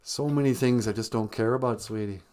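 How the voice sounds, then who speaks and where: A man's voice: mid-range voice, a little fast, warm tone. A man hosting a live-stream podcast in casual chat, joking and laughing often. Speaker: podcast host.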